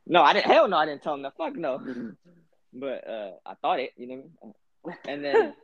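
A man's voice: a little high, huge pitch swings, normal speed, gravelly, fairly bright tone, no echo. A young man hosting a podcast, telling a long story in a rambling, profane way, full of fillers. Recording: dull lo-fi podcast audio.

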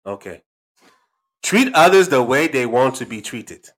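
A man's voice: medium pitch, very animated, a little slow, fairly bright tone. A man voicing a stern, lecturing figure in a put-on African accent who hands out wise sayings and keeps asking if he is understood. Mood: scolding. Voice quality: commanding, repeats questions to the listener.

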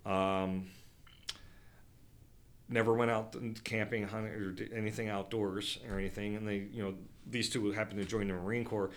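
A man's voice: lowish voice, flat delivery, normal speed. A middle-aged man chatting casually about outdoor trips, rambling with fillers and restarts. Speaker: outdoor program leader, veteran. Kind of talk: casual podcast chat.

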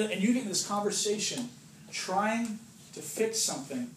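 A man's voice: high-pitched, expressive, measured pace, pauses often. Chatty man preaching in an echoey room. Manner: chatty, jokes and acts out voices, asks "right?" often. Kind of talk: informal sermon to a small group. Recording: roomy distant recording with background noise.

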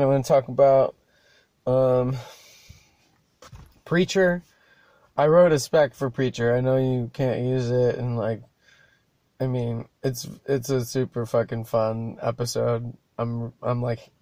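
A man's voice: medium pitch, warm tone, no echo. A man hosting his own podcast, talking alone in a loose, profane, stop-start ramble. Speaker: podcast host. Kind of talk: rambling solo podcast chat.

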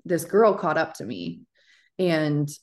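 A woman with a deep, low-pitched voice co-hosts a casual podcast. She tells stories in an easygoing, animated way, full of filler words. She sounds like someone in her thirties talking with a friend. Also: slow pace. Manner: animated storytelling, chatty, with fillers. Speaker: podcast co-host. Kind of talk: casual chat.

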